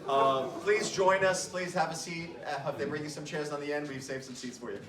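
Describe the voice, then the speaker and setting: A middle-aged man, a little higher-voiced than most, gives a toast at his mother's memorial and tells funny stories about her. He talks chattily and mocks himself, laughs through the stories and sometimes catches his breath with emotion. He stands well away from the mic, in a room full of echo, and a steady background noise hums behind him. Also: a little fast, far from the mic. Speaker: son giving a memorial toast.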